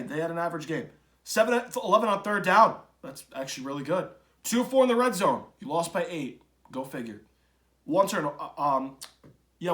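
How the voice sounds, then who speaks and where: A man hosting a sports podcast, talking bluntly and ranting, swinging from loud outbursts to low mutters. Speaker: podcast host. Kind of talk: casual opinionated sports talk.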